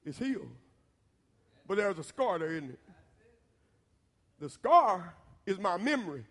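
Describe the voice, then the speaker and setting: A Southern American preacher with a fairly high voice tells a folksy story in his sermon and keeps checking in with his listeners. His delivery swells into shouted points. The sound carries a long hall reverb. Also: big pitch swings, a little slow, slightly rough. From Southern United States. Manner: folksy and talks straight to the audience, building to shouts.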